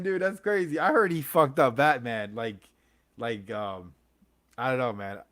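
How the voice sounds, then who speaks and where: A man's voice: medium pitch, lively intonation, moderate pace, a bit bright, no room sound, studio quality. A young man hosting a comics livestream, rambling in casual chat with lots of fillers, slang and laughs.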